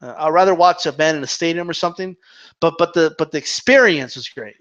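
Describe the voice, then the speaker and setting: A man with a high voice hosts a casual live Q&A stream. He rambles loosely and swears freely, and the sound is dull and lo-fi. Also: fast talker, a bit bright. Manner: rambling and profane.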